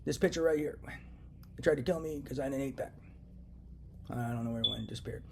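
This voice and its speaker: A man's voice: mid-range voice, fast, creaky, a little hiss or hum. A young man delivering an agitated, profane solo rant to camera from home, circling back to the same points again and again. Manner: agitated, profane, repetitive ranting. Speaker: vlogger. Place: indoors, at home.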